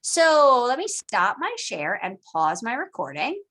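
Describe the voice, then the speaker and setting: Brief: woman, higher voice, casual teacher on a video call, jokey and lively. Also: unhurried. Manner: chatty and animated, acts out historical figures in jokey quoted voices. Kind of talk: casual online lecture.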